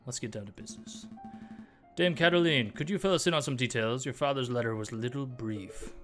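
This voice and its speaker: Here is a polite, earnest bird lawyer who speaks in a formal, courteous manner, voiced by a man. His pitch sits in the middle of the usual range. Faint game music plays underneath. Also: brisk, lightly acted.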